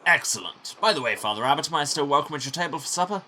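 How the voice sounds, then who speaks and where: A man plays a pompous middle-aged baron in a game, haughty and demanding, his voice bright and raised, with a lively pitch. A faint hiss runs beneath it. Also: rapid-fire.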